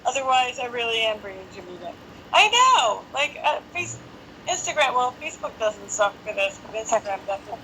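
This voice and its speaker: Very animated and brisk, a woman with a bright, forceful, highish voice hosts a laid-back phone live stream from her apartment. She talks and jokes to herself as she waits for guests. There's a little hiss or hum on the rough recording.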